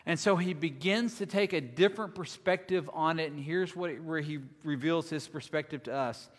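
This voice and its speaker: A man, a lead minister, preaching a sermon earnestly, swinging between loud emphasis and quiet, soft-spoken moments. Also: on the high side, moderate pace. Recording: long hall reverb.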